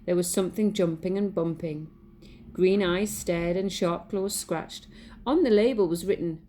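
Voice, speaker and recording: Mellow woman reading a children's book. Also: on the low side, a little slow. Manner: gentle, asks children to look at pictures. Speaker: teacher reading aloud. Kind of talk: storybook read-aloud for children.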